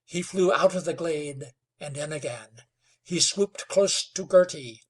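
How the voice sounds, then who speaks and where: A man narrating a western novel in a slow, dramatic storytelling manner. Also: on the high side, slightly rough. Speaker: audiobook narrator. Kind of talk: scripted narration.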